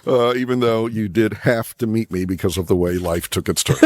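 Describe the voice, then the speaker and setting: A man's voice: fairly low pitch, normal speed, dry recording. A man hosting a podcast in casual chat, chatty and easily amused. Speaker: podcast host.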